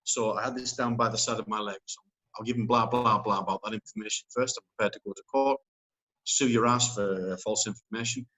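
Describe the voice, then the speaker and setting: A man's voice: fairly low pitch, fairly even intonation, fairly quick, sharp tone, poor audio. A man speaking as an interview guest. He talks in casual chat, rambling and emphatic, with many fillers and restarts.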